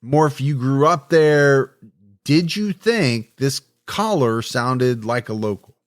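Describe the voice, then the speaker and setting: A man co-hosting a true crime podcast, narrating the case in a measured, reflective way. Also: mid-range voice, lively intonation, no room sound. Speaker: podcast co-host.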